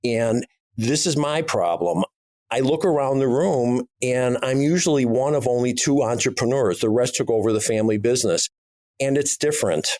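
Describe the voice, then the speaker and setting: A man's voice: medium pitch, moderate pace, a little mellow, no echo, clean studio sound. A middle-aged man co-hosting a podcast, speaking bluntly and emphatically in a casual conversation. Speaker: podcast co-host, business owner.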